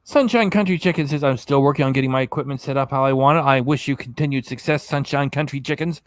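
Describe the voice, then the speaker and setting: A tired, yawning man who hosts a reaction channel chats casually on a live stream, talking fast in a mid-range voice. He reads chat messages aloud and trips over names, and the recording has no room sound.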